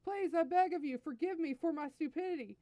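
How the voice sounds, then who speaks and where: Woman reader doing a burly male alien henchman, anxious and whining, stammering apologies; a dry close recording, voice a bit high. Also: animated, normal speed, a little mellow, no room sound, close to an everyday voice. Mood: pleading.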